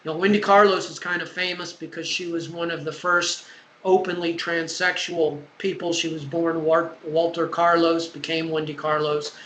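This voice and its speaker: Man, fairly high voice, casual professor lecturing a class, echoey room with faint hum. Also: little pitch movement, moderate pace, sharp tone. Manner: conversational, digressive lecturing with fillers. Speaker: music professor.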